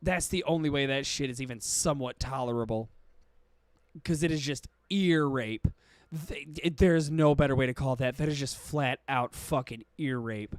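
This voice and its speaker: A man's voice: medium pitch, normal speed, smooth, no room sound. A male podcast host giving casual streamed commentary, with profane, exaggerated ranting.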